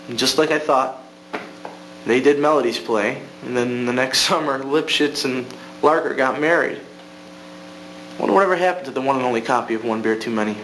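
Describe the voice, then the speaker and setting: A young man performing an amateur monologue as a student, telling a story in a halting, wistful way with restarts. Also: mid-range voice, fairly bright tone. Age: young adult. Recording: echoey room with faint hum.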